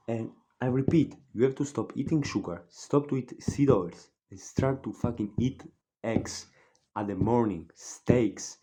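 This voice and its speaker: A man's voice: on the low side, lively intonation, a little slow, mellow. A nineteen-year-old man, a native Spanish speaker, delivering a blunt, profane, repetitive motivational fitness vlog monologue. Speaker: fitness vlogger.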